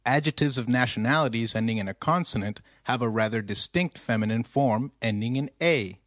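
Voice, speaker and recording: A man's voice: mid-range voice, a little fast, fairly bright tone, no echo, studio quality. A man narrating a scripted language lesson, speaking carefully and repeating phrases for the learner to say back. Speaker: language teacher.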